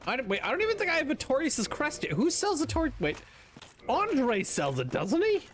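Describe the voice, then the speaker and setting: Brief: casual man commentating his own gameplay, animated, swears freely. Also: very high voice, moderate pace, slight background noise. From North America. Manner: chatty, swears, thinks aloud. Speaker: gaming streamer.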